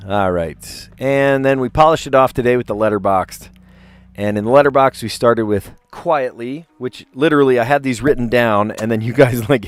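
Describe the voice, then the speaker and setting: A fairly low, clear and resonant voice belongs to a puzzle stream host from South Jersey with a light accent. He chats casually and rambles, frequently interrupting himself mid-sentence.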